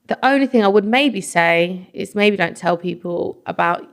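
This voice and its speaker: An English woman chatting as a podcast guest. She tells her stories with animation and quick asides. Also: mid-range voice, vocal fry. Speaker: podcast guest, talent manager. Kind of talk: casual chat.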